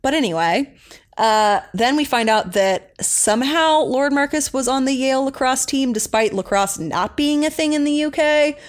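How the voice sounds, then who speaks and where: A woman's voice: high-pitched, moderate pace. A young woman co-hosting a podcast, chatting casually and rambling with lots of fillers as she recaps an episode. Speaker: podcast co-host.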